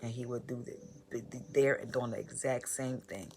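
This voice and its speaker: A woman telling her personal story in a vlog, halting and repeating phrases in a heartfelt way. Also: rumbling low, steady tone, darkish tone. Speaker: motivational vlogger.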